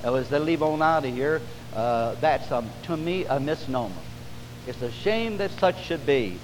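A male pastor preaching a revival sermon in a church service, building to fervent, drawn-out emphasis. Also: a little high, expressive. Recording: long hall reverb with faint hum.

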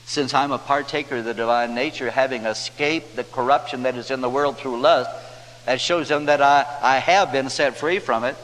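A man preaching a sermon, quoting scripture and slowing down for emphasis. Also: mid-range voice, a bit bright. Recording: reverberant hall, faint hum.

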